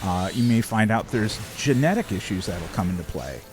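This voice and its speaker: A male streamer tells a story in an animated voice that rises and falls a lot. He swears often and fills his speech with "like" and "um". Faint music plays underneath. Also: fairly low pitch, normal speed. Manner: swears a lot, rambling with many fillers. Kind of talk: casual chat on a live stream.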